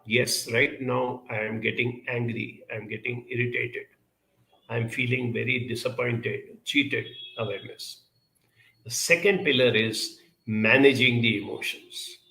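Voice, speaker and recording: Brief: male self-help speaker, gravelly and bright-toned, measured and earnest, echoey room. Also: mid-range voice, steady tone. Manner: measured, earnest, many pauses and fillers. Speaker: self-help speaker answering viewer questions. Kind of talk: reflective talk.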